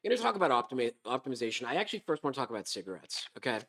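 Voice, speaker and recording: A man hosting a comedic podcast monologue, hoarse from a sore throat, with a sarcastic, rambling delivery. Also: mid-range voice, sing-song, racing, fairly bright tone. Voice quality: hoarse, smoker-like. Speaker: podcast host.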